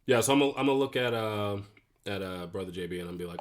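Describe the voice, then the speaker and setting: A man's voice: lowish voice, fast. A man playing a tabletop game who talks in character, stammering and restarting his sentences. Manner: stammering, rambling, restarts often. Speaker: player.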